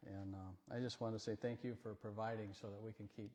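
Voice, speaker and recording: A man visiting a church as a speaker for a Bible ministry, telling folksy stories in a rambling, gently joking way. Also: lowish voice, flat delivery, a little fast. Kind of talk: folksy storytelling talk in church. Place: church sanctuary. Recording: long church hall reverb.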